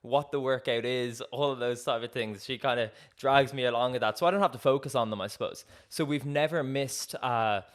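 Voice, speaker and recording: A man's voice: mid-range voice, a little fast, few pauses. A young man, a podcast co-host telling a story in casual chat, acting out quoted dialogue with frequent laughs. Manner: lively, acts out quoted dialogue, laughs often.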